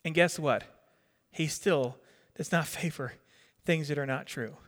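Middle-aged male pastor from New Jersey, high chatty sermon voice, reverberant hall. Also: unhurried, a bit bright. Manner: conversational, quizzes the congregation, repeats words.

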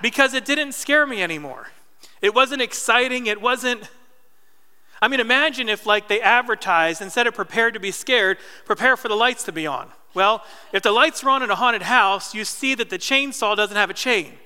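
Bright, crisp-voiced preacher man in a reverberant hall. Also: high voice, lively intonation, normal speed. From New Jersey. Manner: conversational storytelling with asides to the congregation. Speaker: pastor. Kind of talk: sermon. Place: church hall.

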